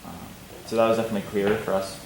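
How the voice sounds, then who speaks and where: A male student gives a halting, considered answer in a low, flat voice. The room around him is echoey, and noise is clearly audible behind him. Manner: halting, thoughtful. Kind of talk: classroom answer.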